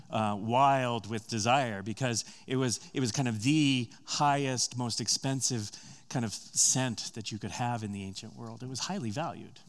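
A man preaching a sermon retells a story with conversational asides, getting louder and higher at tense moments and dropping soft and slow elsewhere.

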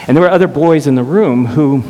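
A middle-aged man telling an emotional personal story earnestly, often halting and repeating words. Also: a little high, warm tone. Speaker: speaker sharing a personal story. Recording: reverberant hall with faint hiss.

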